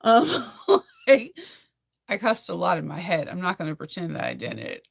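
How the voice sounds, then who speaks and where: A young woman in casual chat, rambling and animated as she recaps a film, full of fillers and laughs. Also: on the low side, normal speed, creaky, slightly rough, no echo, studio quality. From United States.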